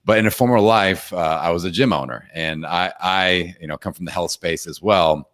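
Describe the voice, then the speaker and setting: A man hosting a podcast interview, talking in a relaxed, affirming and conversational way. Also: low-pitched, normal speed. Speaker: podcast host. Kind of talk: casual interview chat.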